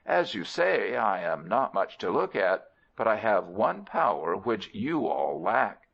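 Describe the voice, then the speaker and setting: A modest grown man answers steadily and plainly in a storybook voice, as a man reads him aloud. The voice is low and gravelly. The recording is dull and lo-fi. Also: sing-song, a little slow, full character voice. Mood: calm.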